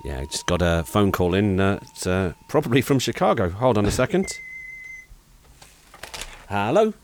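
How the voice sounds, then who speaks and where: A man's voice: lowish voice, expressive, moderate pace, slight background noise. A man co-hosting a comedy podcast, joking around and putting on silly voices. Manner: playful, jokey, slips into silly voices. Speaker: podcast co-host. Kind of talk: comic podcast banter.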